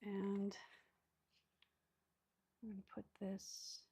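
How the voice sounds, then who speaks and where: A woman's voice: medium pitch, completely flat delivery, extremely slow, dark tone, slight background noise. A woman hosting a casual crafting video, chatty and self-mocking, often dropping to a murmur as she works. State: hiccups. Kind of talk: casual craft tutorial chat. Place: craft table indoors.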